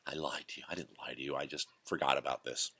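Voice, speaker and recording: Low-voiced man rambling through stories. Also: steady tone, fast, sharp tone, slightly rough, no room sound. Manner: rambling, digressive, self-correcting. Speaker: host. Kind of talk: casual storytelling monologue.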